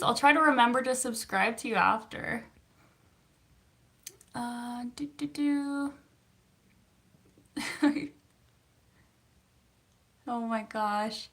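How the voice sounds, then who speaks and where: Chatty woman with a gravelly edge. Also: fairly high pitch, a bit bright. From Canada. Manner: chatty and upbeat, laughs often, self-teasing. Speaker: therapist. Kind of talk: casual livestream chat, answering viewer comments.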